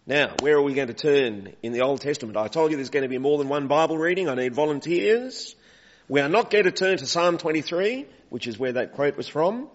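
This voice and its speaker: In an interactive church sermon, a man preaches conversationally, asking the congregation questions and calling for volunteers. His voice is on the high side with lively intonation and a slightly fast pace. The recording is dull, with long hall reverb.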